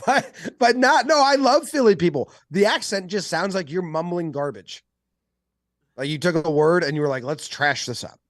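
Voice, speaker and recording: A man's voice: sits high, moderate pace, dry recording. Joking man on a dry mic. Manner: joking, lively, plays with silly accents. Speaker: podcast co-host. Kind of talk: casual sports podcast banter.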